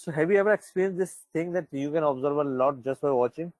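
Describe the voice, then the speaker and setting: A man's voice: on the high side, fast, darkish tone, no room sound, low-quality recording. A man teaching an online class in a conversational way, often checking in with "right?" and "you know".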